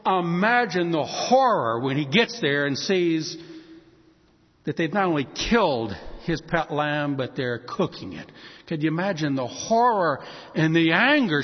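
A man preaching a sermon, telling a story with animated delivery and acting out the voices of the people in it. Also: on the high side, moderate pace. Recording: dull sound in a hall with long reverb.

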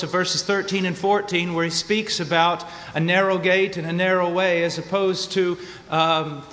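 Preacher: American man, high tenor, emphatic sermon delivery, big echoing hall. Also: fairly bright tone. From United States. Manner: emphatic, varies pace, repeats for stress. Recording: long hall reverb.

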